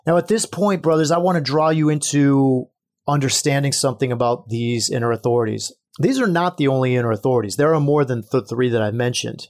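A man's voice: medium pitch, a little mellow. Guy doing a solo podcast, earnest and preachy, talks to his listeners like brothers. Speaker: podcast host. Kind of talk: solo podcast teaching talk.

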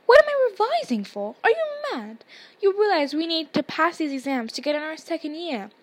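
A studious young witch with a high voice, bossy and quick to exasperate, as a woman reads her. She is insistent and nagging. The voice stays light. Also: animated. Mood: exasperated.

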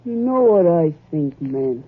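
A woman's voice: on the low side, sing-song, a little slow, breathy edge, heavily acted. An actress playing a spiteful, coarse rural woman in a 1940s radio drama, with a folksy, ungrammatical drawl. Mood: sly. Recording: tinny old radio broadcast, loud music.

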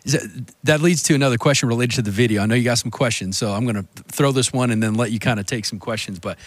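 Steady male pastor, dry studio sound. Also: medium pitch, fast talker, dry recording. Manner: steady, agreeable, brief affirmations. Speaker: pastor and podcast co-host. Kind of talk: casual faith discussion.

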